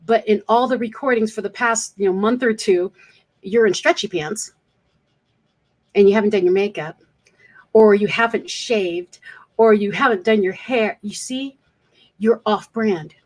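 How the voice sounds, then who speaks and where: A woman's voice: mid-range voice, measured pace, long pauses. A woman speaker coach talking straight to camera in an earnest, coaching manner, repeating points for emphasis. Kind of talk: direct-to-camera advice vlog.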